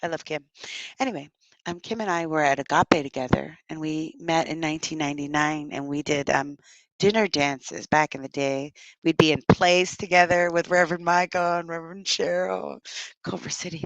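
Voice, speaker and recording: A middle-aged woman leads a live-streamed workshop, talking in an effusive, gushing way with frequent exclamations. Her voice sits on the lower side. The sound is dry and close, with no room around it. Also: fairly even intonation, normal speed, no room sound, poor audio. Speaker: motivational speaker leading a live workshop.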